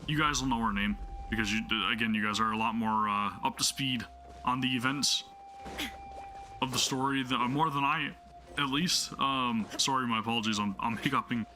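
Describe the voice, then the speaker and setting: A man's voice: medium pitch, steady tone, brisk, bright, forceful tone, slight background noise. A man hosting a gaming channel, chatting casually with enthusiasm while he plays, rambling with lots of fillers. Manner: rambling, full of fillers and restarts. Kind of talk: casual gameplay commentary.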